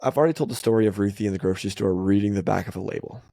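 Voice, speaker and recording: A man co-hosting a casual family podcast, talking animatedly and jumping up in pitch when he acts out other people's lines. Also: racing, vocal fry, no room sound, studio quality. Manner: animated, acts out quotes with big pitch jumps. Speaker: podcast co-host.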